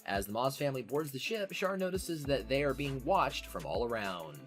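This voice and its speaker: A man's voice: medium pitch, big pitch swings, moderate pace, a bit bright, soft background music. A man with a nasal voice hosting a casual podcast, recapping an episode in a profane, sardonic way. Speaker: podcast host.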